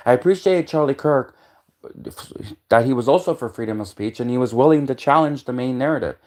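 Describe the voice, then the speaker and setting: A man's voice: mid-range voice, fairly quick, a little mellow. Rambling man on a livestream. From Canada. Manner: rambling, repetitive, many restarts. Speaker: livestream host. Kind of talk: casual livestream monologue.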